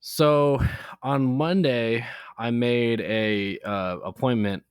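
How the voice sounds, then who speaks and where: Animated young man telling a story. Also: slow, clear, resonant tone, no echo, clean studio sound. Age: 20s. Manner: animated storytelling, acts out quotes with raised pitch. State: in jaw pain. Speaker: podcast co-host. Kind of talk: casual chat.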